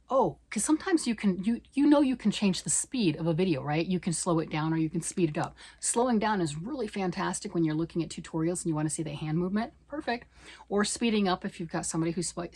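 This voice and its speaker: A middle-aged woman chatting fast and excitedly about knitting, rambling off on tangents. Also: fairly low pitch, husky. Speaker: knitting vlogger. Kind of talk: casual chat.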